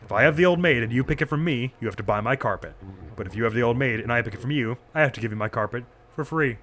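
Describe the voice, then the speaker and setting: A man voicing a brash male koala camper, loud and pushy, in a game. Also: medium pitch, animated, fast talker, slight background noise, lightly acted.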